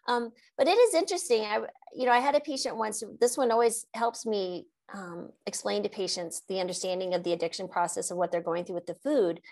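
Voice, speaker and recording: A woman doctor hosting an interview, telling stories about patients in an animated way and laughing easily. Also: medium pitch, a little fast, hardly any pauses. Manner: animated storyteller, laughs often. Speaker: host and doctor. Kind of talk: conversational interview.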